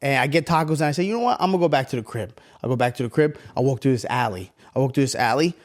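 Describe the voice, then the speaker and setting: A man co-hosting a podcast, telling a long story in a casual, profane, animated way. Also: mid-range voice, rapid-fire. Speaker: podcast co-host.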